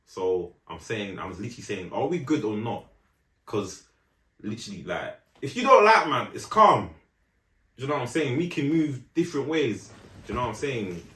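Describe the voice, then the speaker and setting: Young man, animated storyteller. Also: medium pitch, moderate pace, roomy sound. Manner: animated storytelling, London slang, many "do you know what I'm saying" asides. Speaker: podcast co-host. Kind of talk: casual chat.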